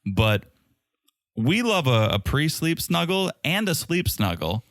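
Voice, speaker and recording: A man's voice: on the high side, big pitch swings, takes it slowly, a bit bright, no room sound. A man co-hosting a reality-TV podcast, chatting casually with dry, teasing humor. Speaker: podcast co-host. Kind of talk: casual chat.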